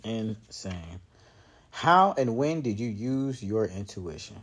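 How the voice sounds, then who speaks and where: Lively, husky young man, joking. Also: slow pace. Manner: joking, profane, laughs often; lively, swings loud to low. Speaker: podcast host. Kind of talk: casual chat.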